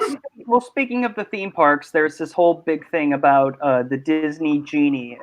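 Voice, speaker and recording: A man hosts a casual online panel chat, his voice sitting a little high as he rambles along in animated bursts. The sound is muffled and lo-fi. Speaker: host. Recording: muffled lo-fi mic.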